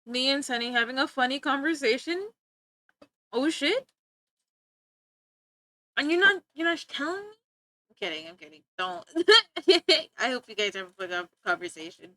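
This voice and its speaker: A woman with a high, bright voice chats casually on a live stream, teasing her viewers and rambling from one thing to the next. She giggles often and trails off mid-thought. Her voice sounds dry and close, with no room echo. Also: very animated, normal speed, pauses often. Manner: playful, giggly and rambling, often breaking off to laugh; joking, teasing banter with chat. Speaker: livestreamer.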